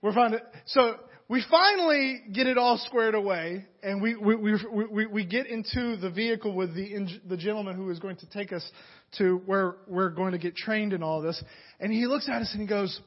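A young man from Atlanta preaching a sermon, telling a story with animated, dramatic energy and many restarts. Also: sits high, moderate pace. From Atlanta, USA. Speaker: pastor. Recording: dull lo-fi recording.

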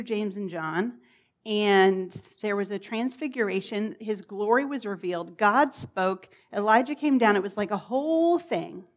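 A woman's voice: medium pitch, lo-fi sound. A woman preaching a sermon in a chatty, informal way, with laughs and casual asides.

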